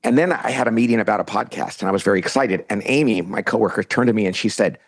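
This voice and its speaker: A middle-aged man, an author and CEO, guests on a podcast and tells a story in a casual interview, acting out the lines he quotes. His voice is fairly low, husky and fast.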